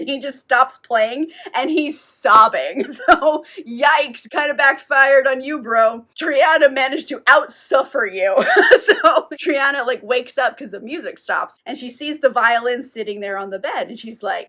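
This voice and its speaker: High bright woman, sarcastic book recap, casual and profane. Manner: sarcastic, profane, filler-heavy. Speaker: book reviewer.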